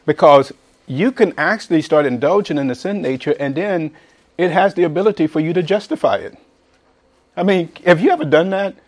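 A middle-aged man preaching a verse-by-verse sermon in a folksy manner, building to emphatic, near-shouted points. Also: fairly high pitch, a little fast. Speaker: pastor.

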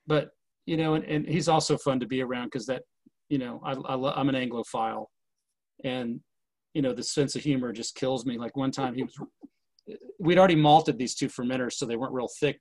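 A man's voice: mid-range voice, fairly quick, darkish tone, no room sound, low-quality recording. A man in casual conversation about running a historic distillery, rambling with many fillers and restarts.

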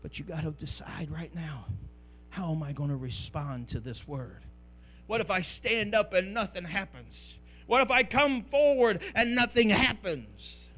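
A man's voice: high voice, animated, measured pace, a bit bright. A male pastor, preaching a sermon that builds to near-singing climaxes.

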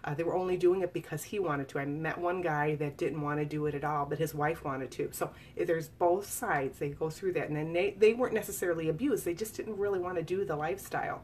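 An author in her forties reads from and discusses her memoir at a casual live talk, telling a personal story in an earnest, confiding way full of fillers and restarts. Her low-pitched, slightly mellow voice moves briskly with few pauses, and there's a little hiss or hum.

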